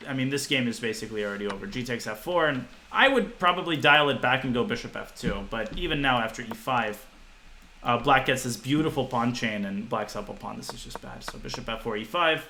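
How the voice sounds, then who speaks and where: A man in his twenties giving a live-streamed chess lesson, talking fast to his viewers and thinking aloud. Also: medium pitch, pushed and bright, slight background noise, low-quality recording. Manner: quick, talks to chat, thinks aloud with restarts.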